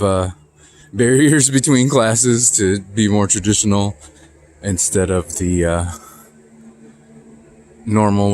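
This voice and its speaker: Low-voiced man rambling on a walk. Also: slight background noise. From Texas. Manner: rambling, nostalgic and chatty with many fillers. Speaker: vlogger. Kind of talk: casual walking vlog. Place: outdoors walking through a neighborhood. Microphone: phone camera held while walking.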